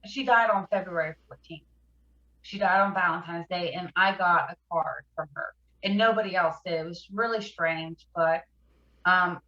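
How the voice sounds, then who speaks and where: A woman, a podcast guest, recounting her past addiction in a halting, emotional way, fighting back tears. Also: fairly low pitch, fairly bright tone, echoey room, muffled recording. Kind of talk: personal recovery story in an interview.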